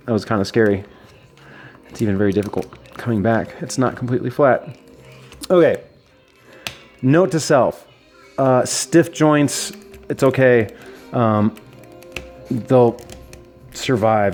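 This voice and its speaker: A man's voice: mid-range voice, a little mellow. A man casually reviewing a collectible action figure, enthusiastic and chatty, with fillers and restarts. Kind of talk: casual unboxing talk.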